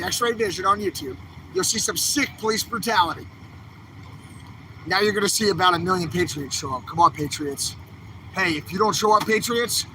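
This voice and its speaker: Livestreaming from a city street, an activist vlogger rants angrily to camera, agitated and urging his viewers on. His voice sits high, and the poor audio carries slight background noise.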